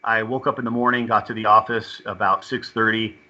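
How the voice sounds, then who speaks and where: Man, intensely sharp bright voice, halting with restarts, dull lo-fi recording. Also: lowish voice, little pitch movement. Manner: halting, repeats and restarts words. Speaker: interview guest. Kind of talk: telling a personal experience.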